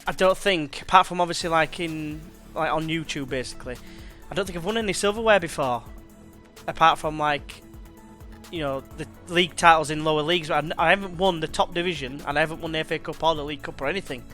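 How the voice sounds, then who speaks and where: With faint music behind him, a young man records a let's play of a football management game, chatting in slang and commentating each play. His slightly high voice is pushed and bright, and he talks at a quick pace.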